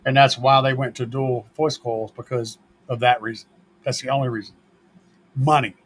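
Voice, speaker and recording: A man's voice: mid-range voice, gravelly, slightly rough, poor audio. A man hosting a car audio show, chatting casually and answering viewer questions in a laid-back, joking manner and swearing freely.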